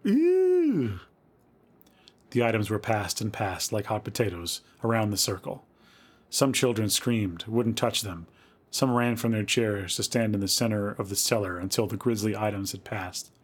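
A man with a fairly low voice gives a dramatic, measured reading of a spooky tale. As podcast host he leans into the eerie moments, pacing his storytelling for suspense. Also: steady tone, husky.

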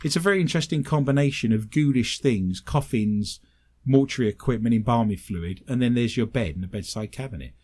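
A man's voice: mid-range voice, brisk. British guy, medium on a talk show, spinning goofy self-mocking stories. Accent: British English. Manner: animated, self-mocking anecdotes. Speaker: paranormal investigator and medium, guest. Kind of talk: casual storytelling on a talk show.

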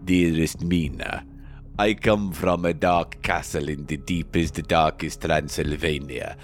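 A man voicing a theatrical old vampire count in an improvised comedy sketch, declaiming slowly and grandly. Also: rumbling low, steady tone, a little hiss or hum, voice pushed down. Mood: romantic. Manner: slow, grand, mock-romantic declaiming.

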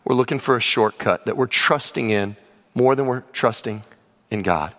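A man preaching a sermon, animated, swinging from loud exclamations down to hushed low passages. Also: normal speed, long pauses, big-room sound. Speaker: pastor.

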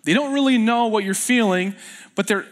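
A young man, the pastor, delivers a sermon in a church sanctuary at a moderate pace, his voice pitched high. His storytelling is casual and self-deprecating, sprinkled with fillers and restarts.

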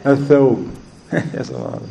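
Slow, steady, and creaky yet warm, this medium-pitched man delivers a religious lecture built around storytelling. He quizzes his audience and tends to repeat himself as he gropes for words, over poor audio with slight hiss or hum.

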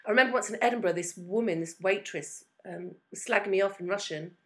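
Fast-talking woman comedian chatting. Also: medium pitch, a bit bright. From Britain. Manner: quick, chatty, self-deprecating storyteller. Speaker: co-host. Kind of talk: casual chat.

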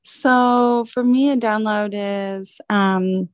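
A woman guest in a casual interview conversation, speaking in a halting, reflective way and warmly affirming her host. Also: medium pitch, fairly even intonation, no echo. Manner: halting and reflective, many fillers and restarts, warm affirmations. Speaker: interview guest and business owner.

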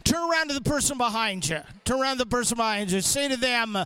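A man speaking as a guest youth speaker to students, animated and coaxing, calling out prompts for the audience to repeat. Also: very high-pitched, fast talker, few pauses, clear, resonant tone. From from the Chicago area. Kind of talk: energetic chapel talk to students.

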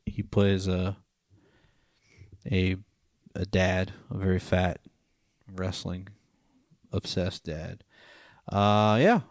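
A man's voice: deep voice, very slow, long pauses, no room sound, studio quality. A man in his thirties hosting a casual movie podcast, laid-back and joking, with lots of fillers. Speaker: podcast host.

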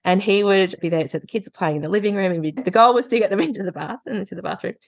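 A woman, a parenting educator and podcast guest, telling lively stories and laughing often. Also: medium pitch, racing, creaky, no echo, studio quality. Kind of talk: casual podcast conversation.

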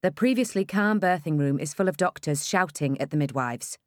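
Female audiobook narrator, wry expressive first-person read, lower register. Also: normal speed, no echo, clean studio sound.

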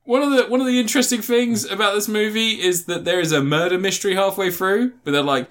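A man's voice: high-pitched, expressive, a little fast, hardly any pauses, fairly bright tone. A man in casual chat, retelling a film plot with lots of swearing and acted-out lines.

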